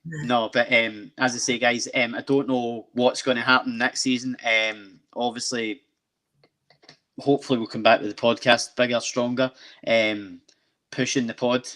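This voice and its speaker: A man's voice: mid-range voice, flat delivery, moderate pace, pushed and bright. A man hosting a fan podcast in casual chat, rambling along with lots of ums and restarts. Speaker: podcast host.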